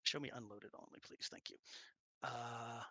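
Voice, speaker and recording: A man's voice: mid-range voice, steady tone, moderate pace, bright, forceful tone, dry recording. A man running a tabletop game, chatting casually and muttering to himself while fiddling with settings. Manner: muttering to himself, jokey and distracted. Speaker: game master.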